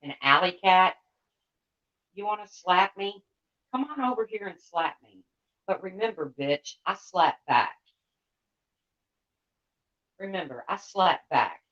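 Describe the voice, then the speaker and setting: A woman's voice: fairly low pitch, lively intonation, takes it slowly, pauses often, fairly bright tone. A woman livestreamer ranting to her chat in a blunt, heated, profane way. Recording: dull lo-fi sound.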